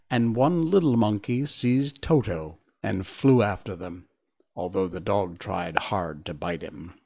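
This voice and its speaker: A man narrates a children's story at an unhurried pace. His pitch moves freely and expressively through the sentences. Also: a little mellow. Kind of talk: storybook read-aloud.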